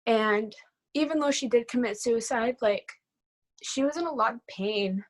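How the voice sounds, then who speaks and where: A woman's voice: fairly high pitch, measured pace. A nineteen-year-old woman talking in a casual interview, her speech full of "like" fillers. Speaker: guest. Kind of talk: personal storytelling interview.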